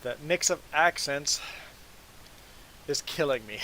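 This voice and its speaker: Here is a relaxed man from Canada, talking casually through a game stream. He has a voice pitched a little above most men's, and he rambles along with easy chuckles. A faint hiss sits under his voice. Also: slow pace, rough recording. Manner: relaxed, rambling storyteller who chuckles often. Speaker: gaming live streamer. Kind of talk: casual chat while playing a game.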